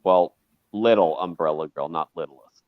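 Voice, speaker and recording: A man chatting casually on a stream, rambling, loud and joking. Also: deep voice, moderate pace, no echo, phone-quality sound.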